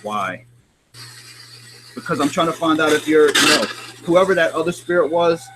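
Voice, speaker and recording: A man hosting a live paranormal stream, coaxing spirits gently and asking the same questions over and over. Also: a little high, animated, moderate pace. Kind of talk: live spirit-box session. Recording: loud background noise.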